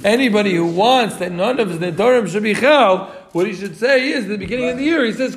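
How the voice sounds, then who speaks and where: A man teaching a Talmud class, animated and quick, repeating points for his students. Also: high-pitched.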